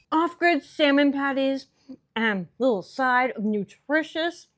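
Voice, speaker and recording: A young woman with a fairly high voice hosts a casual cooking vlog. She chats in a joking, playful way while showing each step, recorded outdoors. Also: expressive, slow, fairly bright tone, dry recording. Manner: playful, joking, chatty demonstrating. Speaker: host. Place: outdoors at a cabin.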